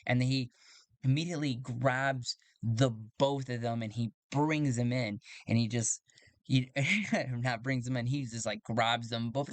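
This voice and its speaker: A man narrating a solo tabletop game, thinking aloud and getting excited over dice rolls. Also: medium pitch, measured pace, no echo. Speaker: solo game player and game master.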